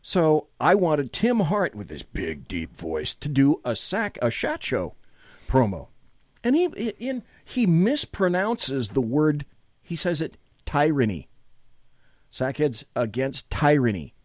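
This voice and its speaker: A male talk show host with a lively, up-and-down voice, rambling excitedly and swearing freely as he tells his stories. He is heard on a close, dry studio mic. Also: on the high side, slow pace, no echo. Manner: excitable, rambling storyteller with cursing. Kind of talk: casual late-night talk show banter.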